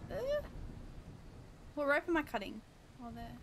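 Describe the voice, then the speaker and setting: A young woman streaming a horror game, reacting excitably, swearing, shrieking and laughing nervously. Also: a little high, unhurried. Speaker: gaming streamer. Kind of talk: reactive gameplay commentary. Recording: noisy home recording.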